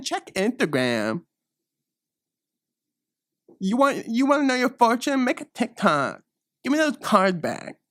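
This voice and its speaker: A spoiled, bored teenage girl fortune teller, whiny and sarcastic, her voice jumping way up in pitch whenever she gets snippy, as a man puts her on. The delivery swoops widely, and the recording is dry and close. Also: fairly bright tone, dry recording, heavily acted.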